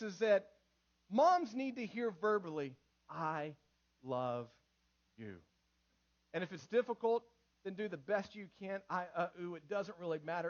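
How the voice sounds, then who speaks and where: A man, a pastor, preaching a sermon with emphatic repetitions, going from loud and urgent to hushed and quiet. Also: sits high, muffled recording. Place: church sanctuary.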